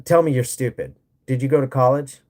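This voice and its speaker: A man's voice: medium pitch, brisk, a little mellow. An American man hosting a livestream, ranting bluntly with plenty of profanity and sarcasm while reading and answering chat. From United States. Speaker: livestream host. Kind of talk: casual livestream rant.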